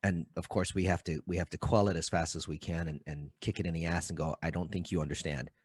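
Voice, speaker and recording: A man's voice: deep voice, fairly even intonation, fast talker, breathy edge. A man hosting a podcast, earnest and encouraging in casual chat with his guest. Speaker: podcast host.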